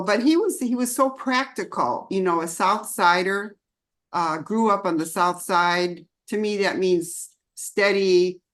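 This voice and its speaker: An older woman, a longtime disciple, telling personal stories in a chatty, meandering way and laughing often at a spiritual celebration. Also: on the low side. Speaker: longtime disciple sharing memories.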